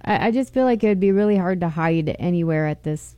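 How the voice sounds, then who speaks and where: A female radio co-host with a warm, mellow voice, recorded close and dry in the studio. Her on-air chat is casual and chatty. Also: lowish voice, brisk, no room sound.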